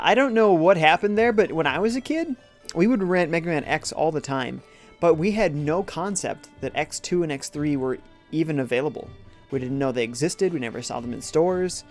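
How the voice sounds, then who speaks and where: A man live-streaming a retro game, chatting casually, reading viewer comments aloud and joking along. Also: a little high. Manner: upbeat, reads chat comments aloud and jokes.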